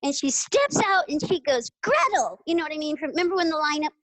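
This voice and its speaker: A middle-aged woman, a guest on an interview show, telling lively stories and often acting out quoted voices with laughter. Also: high voice, quick pace, no room sound, rough recording. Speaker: guest, retired jockey. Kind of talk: casual interview storytelling.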